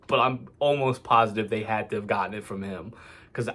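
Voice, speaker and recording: A man's voice: on the low side, fairly quick. A man hosting a reaction video, chatting casually in slang and laughing often between remarks. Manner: laughs often, relaxed slang-filled banter.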